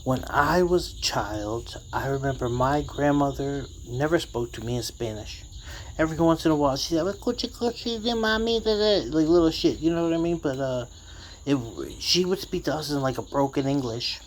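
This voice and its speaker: A man's voice: medium pitch, normal speed, slight background noise. A man telling a casual story, rambling and profane, full of streetwise slang.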